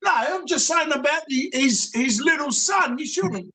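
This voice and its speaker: Man calling in, very high voice, keeps cutting in to make his point. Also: expressive, unhurried, pushed and bright. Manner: interrupting, insistent. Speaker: caller. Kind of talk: casual call-in chat.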